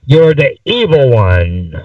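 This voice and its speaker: A man's voice: medium pitch, very animated, takes it slowly, dry recording. A man voicing a tired, flustered family father in a story he reads aloud. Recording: dull, distant mic.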